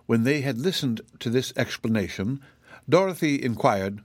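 A man reading a children's storybook aloud as narrator, in a steady, clear manner. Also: mid-range voice, normal speed, dry recording. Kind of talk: audiobook reading.

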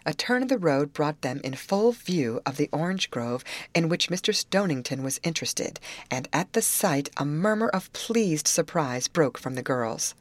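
Woman audiobook narrator, low voice, lively melody, expressive storytelling, dry close recording. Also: moderate pace, few pauses, no echo. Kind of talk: audiobook narration of a 1913 girls' novel.

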